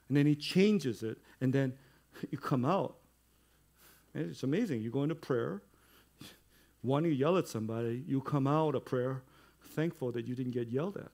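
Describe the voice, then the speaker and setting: A man's voice: medium pitch, normal speed, long pauses. Conversational male pastor preaching. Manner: conversational preaching that builds to loud emphatic stretches. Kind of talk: sermon.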